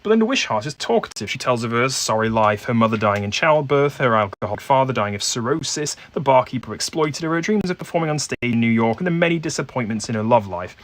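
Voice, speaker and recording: A man's voice: medium pitch, animated, fast talker, hardly any pauses. A man playing a detective board game alone, reading the case aloud and musing hesitantly over the leads. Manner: hesitant, musing, many fillers. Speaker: solo game player and narrator.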